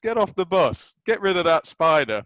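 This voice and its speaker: A man's voice: high-pitched, sing-song, moderate pace, a bit bright, no echo, lo-fi sound. Brusque older football manager with clipped, curt lines, as a man retells him. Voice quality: short, clipped commands.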